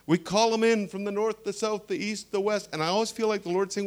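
A man in his sixties preaching a sermon, telling stories with humorous asides and animated emphasis. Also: sits high, a little fast.

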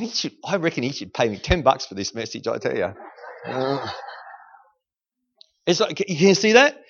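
Aussie guy preaching hard in church, pumping up the crowd, highish voice, muffled lo-fi sound. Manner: energetic call-and-response preaching. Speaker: guest preacher. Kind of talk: sermon. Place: church service.

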